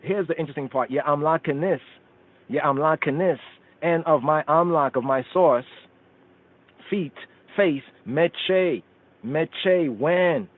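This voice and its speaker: Speaking slowly with frequent pauses, a man with a slightly high voice hosts a radio scripture study. He reads verses in Amharic and Hebrew and unpacks them word by word, heard through phone-line call-in radio sound.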